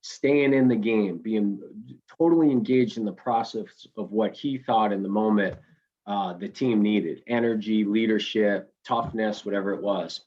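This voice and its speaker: A middle-aged man with a husky, lowish voice spins coaching stories in a long interview. He circles back, restarts sentences and tags them with "right?" The sound is dull and lo-fi, like a remote call. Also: measured pace, dark tone. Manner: storytelling, rambling with restarts and tag questions. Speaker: college baseball head coach, guest. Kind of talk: conversational interview storytelling.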